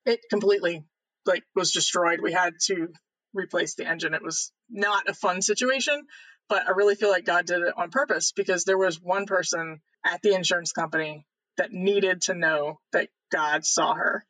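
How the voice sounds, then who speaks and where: High, bright-voiced man telling a story. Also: normal speed, no echo, rough recording. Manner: earnest, faith-filled, animated retelling. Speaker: podcast guest. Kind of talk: casual personal storytelling.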